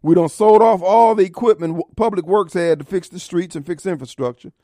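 Man, middle-aged radio host: high, lively pitch, combative mocking rants, dry studio sound. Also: a little fast, no echo. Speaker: radio talk show host. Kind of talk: opinionated talk radio monologue.

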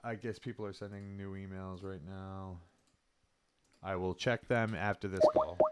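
A man's voice: moderate pace, smooth, dry recording. A man hosting a casual podcast, joking and crude in easy chat. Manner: crude, joking, lively pitch. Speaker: podcast host.

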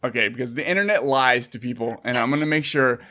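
A man in his thirties hosting a casual podcast, excitable and jokey, swearing casually as he chats with guests. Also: mid-range voice, quick pace. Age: 30s. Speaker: podcast host.

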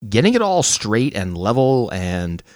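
A man's voice: lowish voice, sing-song, unhurried, no echo, clean studio sound. A man co-hosting a podcast in casual chat, joking and boastful in his banter. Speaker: podcast co-host.

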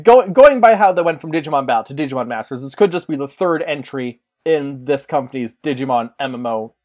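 A podcast co-host in casual chat, rambling with quick asides. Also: medium pitch, animated, darkish tone.

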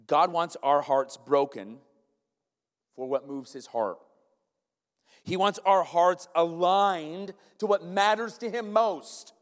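A man preaching a sermon in a church, animated and emphatic, often turning to the congregation with asides. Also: fairly high pitch, slow. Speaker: pastor. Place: church sanctuary. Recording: long church-hall reverb.

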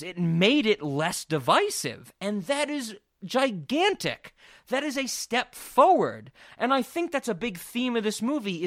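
Excitable swearing man, slightly high voice. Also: dry recording, studio quality. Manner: excitable, swears freely, rambling with restarts. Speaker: podcast co-host. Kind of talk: casual film discussion podcast.

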